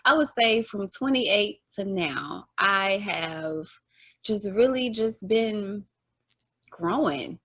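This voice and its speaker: A woman's voice: medium pitch, expressive, takes it slowly, a bit bright, husky. A woman in her thirties hosting a podcast interview, talking casually and a little hesitantly with fillers and restarts. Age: 30s. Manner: hesitant, self-described tongue-tied, many fillers. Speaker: podcast host.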